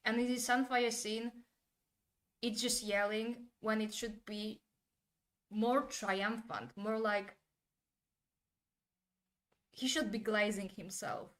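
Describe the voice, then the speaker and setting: A woman giving her candid opinions in a casual monologue, turning animated when she imitates actors' delivery. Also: a little high, unhurried, long pauses. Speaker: commentator.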